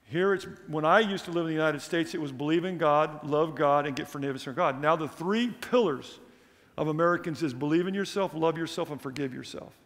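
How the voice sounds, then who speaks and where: A man's voice: fairly high pitch, a bit bright. Emphatic male preacher in an echoing church. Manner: emphatic, rising on questions and lists. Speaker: missionary preacher. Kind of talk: sermon.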